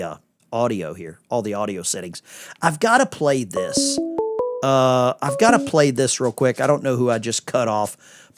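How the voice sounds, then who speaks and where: A middle-aged American man hosting a casual livestream, sarcastic and animated, dropping to mutters and then bursting out loud. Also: medium pitch. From United States. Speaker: livestream host.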